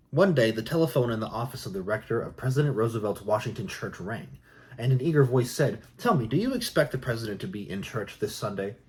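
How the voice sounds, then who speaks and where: A man reading jokes aloud in a soft, unhurried ASMR style. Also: fairly low pitch. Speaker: joke reader.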